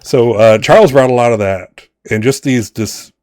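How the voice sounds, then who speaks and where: A man's voice: medium pitch, normal speed, darkish tone, no room sound, clean studio sound. A man game master in casual chat, rambling with many restarts and some swearing. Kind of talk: casual campaign wrap-up chat.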